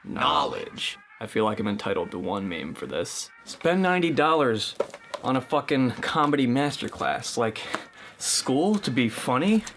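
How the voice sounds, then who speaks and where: A man's voice: mid-range voice, very animated, unhurried, background noise. Sarcastic young man in a mock how-to monologue. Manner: sarcastic, mock-instructional, shifts into silly voices. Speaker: comedy video host. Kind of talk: satirical scripted monologue.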